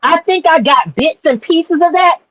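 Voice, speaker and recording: A woman's voice: extremely high pitch, moderate pace, a bit bright, no room sound, highs cut off. A woman co-hosting a podcast who talks casually and bluntly, swears a lot, and restarts her sentences often. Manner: blunt and profane, with frequent stammered restarts. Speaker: podcast co-host. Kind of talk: casual chat.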